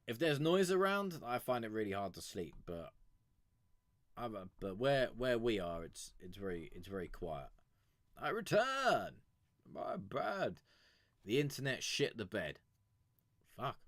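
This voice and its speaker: A man's voice: mid-range voice, very animated, takes it slowly, pauses often, a bit bright, dry recording, clean studio sound. A young man chatting casually on a live stream, rambling and swearing freely as he talks to viewers. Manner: rambling, swears freely, chuckles between thoughts. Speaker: music review streamer.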